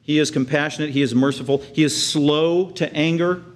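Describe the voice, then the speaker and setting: A man preaching a sermon with earnest conviction, dropping to hushed tender lows and rising to loud, excited highs as he acts out the scene. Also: fairly quick. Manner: acts out the crowd's outraged reactions in a raised voice. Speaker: pastor.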